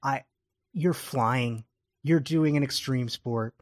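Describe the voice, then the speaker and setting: A man co-hosting a casual podcast, talking in rambling, self-interrupting bursts with animated asides. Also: mid-range voice, slow pace, no echo, studio quality. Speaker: podcast co-host. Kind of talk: casual chat about a TV episode.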